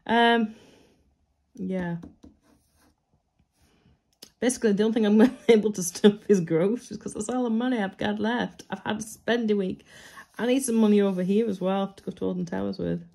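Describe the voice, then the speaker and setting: A woman talks to camera at home late at night, chatty and self-mocking as she thinks aloud. Her voice is gravelly and a little husky, at a middle pitch. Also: steady tone, moderate pace, mellow. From United Kingdom. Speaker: budgeting vlogger. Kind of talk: casual chat to camera.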